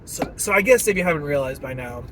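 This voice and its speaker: A young man ranting casually while driving, animated and laughing often. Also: a little high, quick pace, poor audio. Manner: animated, laughing often, puts on silly voices. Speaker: vlogger. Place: in a car at a stoplight. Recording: car and traffic noise behind.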